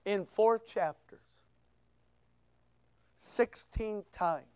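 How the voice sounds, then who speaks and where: A man preaching a sermon as pastor, full of rhetorical questions, swinging between loud bursts and hushed asides. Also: sits high, drawn-out words, clean tone, no echo. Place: church.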